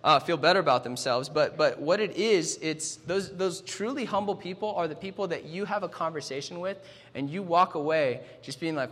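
Young guy preaching, earnest, kinda high voice, long echo from the hall. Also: normal speed, a bit bright, breathy edge. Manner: earnest, repeats words when starting sentences. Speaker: pastor. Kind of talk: sermon.

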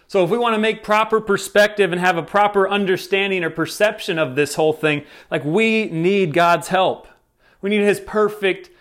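Male pastor, sermon, conversational, enthusiastic, slightly high voice. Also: fairly bright tone. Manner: conversational, enthusiastic, many fillers like "right?".

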